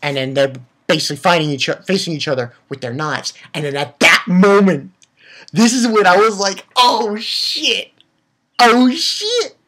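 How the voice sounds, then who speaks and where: A man giving an excitable, profane casual recap of an anime episode, with lots of restarts. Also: a little high, fairly quick. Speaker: anime reviewer.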